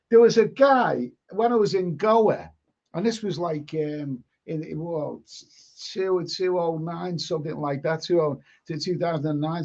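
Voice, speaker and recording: An older Liverpudlian man with a somewhat high voice hosts a live stream, chatting casually while reading viewer comments aloud. He rambles, repeats himself and swears bluntly, and the recording sounds muffled.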